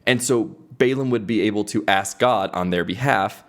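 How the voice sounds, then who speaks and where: A man's voice: lowish voice, normal speed, few pauses. A young man hosting a podcast, who retells a Bible story conversationally with frequent restarts. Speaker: podcast host. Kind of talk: casual devotional storytelling.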